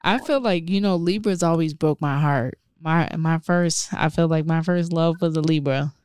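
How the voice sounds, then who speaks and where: A woman's voice: deep voice, normal speed, smooth, dry recording, clean studio sound. A young woman hosting a podcast, telling a casual story with lots of slang and acted-out quotes. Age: young adult. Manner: animated storyteller, acts out quotes, profane slang. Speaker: podcast host.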